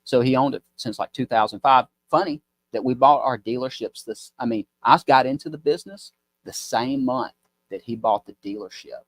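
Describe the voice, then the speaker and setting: A man's voice: mid-range voice, moderate pace, no echo. A man, a business owner telling a rambling, folksy story as a podcast guest. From Mississippi. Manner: rambling, folksy, mimics voices in stories. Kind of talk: casual storytelling chat.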